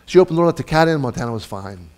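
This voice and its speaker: Man, pastor, sermon, church, conversational storytelling, restarts, mid pitch. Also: expressive, racing, darkish tone.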